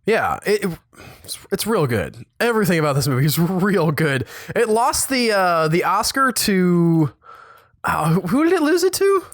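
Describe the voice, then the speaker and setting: A man's voice: high voice, moderate pace, no room sound, clean studio sound. A man co-hosting a podcast, chatting casually about a film in a rambling way that keeps correcting itself. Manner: rambling, self-correcting, animated asides. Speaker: podcast co-host. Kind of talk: casual film review chat.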